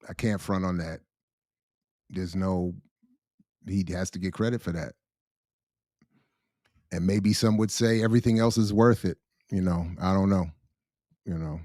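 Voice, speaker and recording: Slangy, animated man host. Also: sits low, unhurried, pauses often, no echo, studio quality. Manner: animated, slangy, laughs often. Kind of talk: casual livestream chat.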